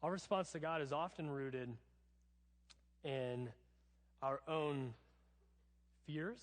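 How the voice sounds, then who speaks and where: Male preacher, conversational and wry, slightly raised pitch, recorded in a church with a long echo. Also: slow pace. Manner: casual, chatty preaching with humor. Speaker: pastor. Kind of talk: sermon. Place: church sanctuary. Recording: long church hall reverb.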